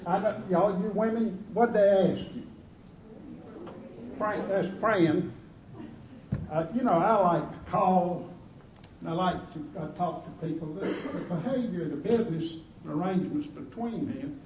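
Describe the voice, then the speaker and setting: A high-voiced man with a Southern US accent tells folksy, joking stories as an after-dinner speaker. He is recorded from a distance in a roomy banquet hall, so the sound is muffled and echoey. A dinner crowd murmurs behind him. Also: measured pace, noisy background. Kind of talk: humorous speech.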